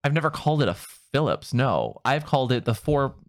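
A man co-hosting a casual chat, playful and teasing, quick to crack jokes. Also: mid-range voice, big pitch swings, no echo, studio quality. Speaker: podcast co-host and online content creator.

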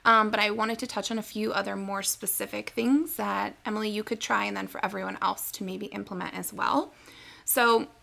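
A woman co-hosting a podcast, explaining wellness tips in a friendly, casual way. Her voice is heavy with vocal fry at a mid pitch. She doubles words for emphasis as she walks listeners through each step. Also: a bit bright. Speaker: podcast co-host, nutrition advisor.

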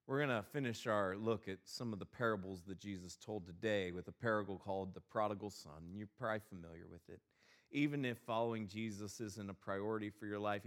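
This low-voiced male pastor starts with a humorous story from his own life before moving into a sermon, delivered with lively exasperation.

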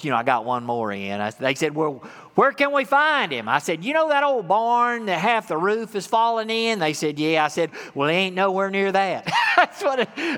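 A man's voice: fairly high pitch, a bit bright, long reverb tail. Man doing a teasing small-town jokester. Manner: playful, drawling storyteller teasing strangers. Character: folksy small-town man who loves to tease.

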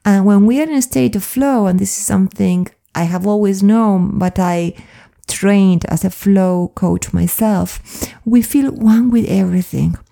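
A woman flow coach speaking in an earnest, confiding, soft-spoken personal monologue. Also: medium pitch, a little slow, vocal fry, hardly any pauses.

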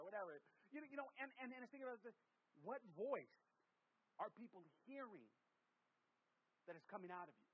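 Animated higher-voiced male preacher, dull recording. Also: quick pace. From US West Coast. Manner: animated, jokey preaching with repetitions and restarts. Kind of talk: sermon. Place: church hall with congregation.

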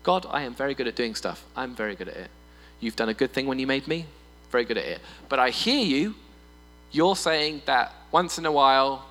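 Animated male preacher in a reverberant hall. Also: mid-range voice, brisk. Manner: animated, playful, mimics voices for humor. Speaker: pastor. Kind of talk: sermon. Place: church hall. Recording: long reverb in a hall with mains hum.

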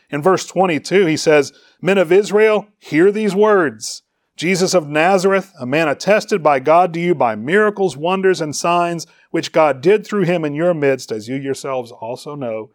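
In a sermon, a man with a voice on the high side reads scripture aloud and explains the meaning of its Greek words, building emphasis as he poses questions. The sound is dry and studio clean.

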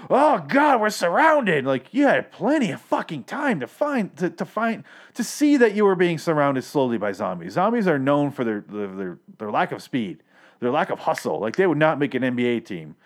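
A man hosting a podcast, recapping a TV episode in a rambling, sarcastic, profane monologue full of self-corrections. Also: medium pitch. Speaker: podcast host reviewing a TV episode. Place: Los Angeles.

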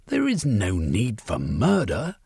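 A man's voice: lowish voice, huge pitch swings, slow pace, creaky, a little mellow, breathy edge, no echo, clean studio sound, full character voice. A man reading a story aloud and voicing a principled male rebel who pleads and protests with indignant urgency. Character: principled man, exasperated and wry.

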